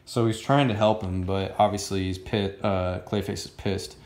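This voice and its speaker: A man's voice: low voice, fairly even intonation, normal speed, a little mellow, roomy sound. A man giving a casual comic book review, rambling and filling his talk with "um" and "like". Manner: rambling, many fillers like "um" and "like".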